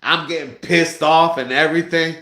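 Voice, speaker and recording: A man chatting casually on his vlog, telling an animated story full of swearing and bursts of shouting. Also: on the high side, moderate pace, vocal fry, reverberant. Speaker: vlogger.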